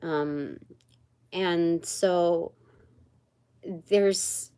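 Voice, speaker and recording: A woman talks through a livestreamed tarot reading in a low voice, unhurried and meandering. She pauses often, fills gaps with ums and searches aloud for the right words. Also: fairly even intonation, mellow, smooth. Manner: slow and meandering, many pauses and fillers. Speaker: tarot reader and channeler. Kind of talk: livestreamed spiritual card reading.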